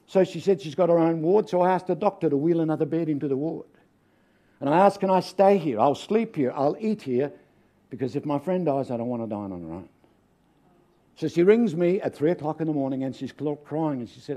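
An older man with an Australian accent preaches as a guest speaker, mixing homely stories with humor. His voice sits high for a man yet sounds warm and mellow. He keeps asking the congregation for an amen. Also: animated, fairly quick. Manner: folksy, humorous, calls out for amens. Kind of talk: sermon with storytelling.

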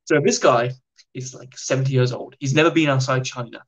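Animated British man telling stories. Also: mid-range voice, brisk, low-quality recording. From United Kingdom. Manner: animated anecdotal telling, acting out the people he describes. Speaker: podcast guest. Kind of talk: casual storytelling.

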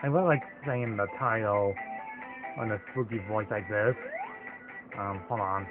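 A man talks his way through a video game in a loose, rambling way, often trailing off and correcting himself. His voice sounds thin and phone-like. Game music plays loudly behind him. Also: on the low side, moderate pace. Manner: rambling, hesitant, chatty. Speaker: let's play host. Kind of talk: casual gameplay commentary.

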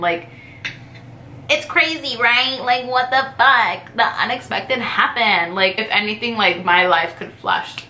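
A woman's voice: a little high, sharp tone, echoey room, a little hiss or hum. A woman vlogger telling a personal story in a rambling, profane, casual way, filling her talk with "like". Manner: profane, rambling, heavy use of "like".

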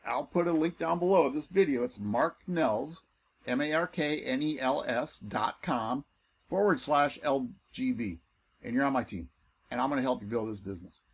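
A man giving an excitable, salesy screen-share walkthrough as a network marketing recruiter. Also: breathy edge. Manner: excitable and salesy, pitch jumps when enthused.

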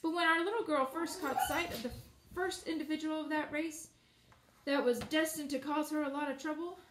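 A woman reading a children's storybook aloud, expressive, with casual asides. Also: sits high, moderate pace, reverberant, a little hiss or hum, poor audio. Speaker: audiobook reader.

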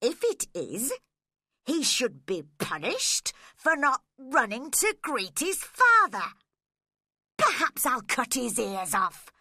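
A woman voicing an aggressive, violent young father who threatens and shouts in a dry, close storybook reading. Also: very high-pitched, slow pace, long pauses, dry recording, exaggerated voice. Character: violent drunken young father, cruel and unstable.

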